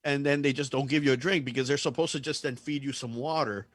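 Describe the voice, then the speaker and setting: A man's voice: mid-range voice, fairly even intonation, quick pace, no room sound, clean studio sound. A man in a casual podcast chat, ranting and telling a story with lots of swearing and animation.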